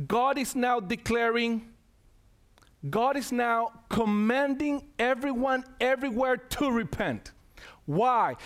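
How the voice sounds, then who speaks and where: A man preaching an emphatic sermon, calling out to the congregation and repeating key phrases for weight. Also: very high-pitched.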